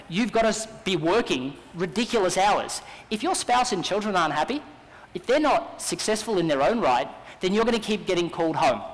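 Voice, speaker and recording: Australian man, conference keynote, high voice, long hall reverb. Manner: energetic, persuasive storytelling. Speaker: business speaker.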